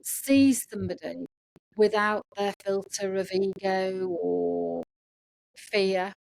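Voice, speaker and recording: Woman host, very slow, gravelly, thoughtful, soft-spoken. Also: medium pitch, fairly even intonation. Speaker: podcast host. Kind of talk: interview conversation.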